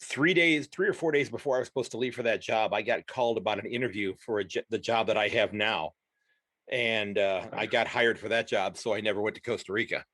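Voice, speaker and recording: A man's voice: lowish voice, a little fast, a bit bright, no room sound. American guy hosting a podcast, curious questions, stammers and restarts, dry close sound. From United States. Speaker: podcast host, teacher. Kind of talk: casual interview chat.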